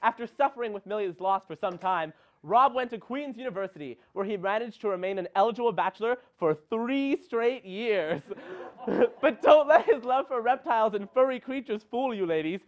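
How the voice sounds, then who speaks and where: A young man with a high voice reads a comic script in a deadpan mock-promotional tone. The recording sounds dull and lo-fi. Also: normal speed. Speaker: segment narrator.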